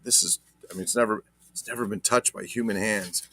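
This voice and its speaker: Forceful, jokey man unboxing toys. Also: lowish voice, steady tone, a little fast. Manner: jokey, talks to viewers while handling items; mock-dramatic asides. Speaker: toy collector host. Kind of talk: casual unboxing vlog.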